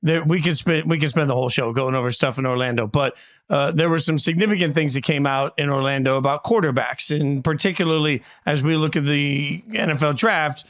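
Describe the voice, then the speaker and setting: Brief: male sports show host, casual and joking, a bit high-pitched. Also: brisk, fairly bright tone. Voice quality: joking, rambling.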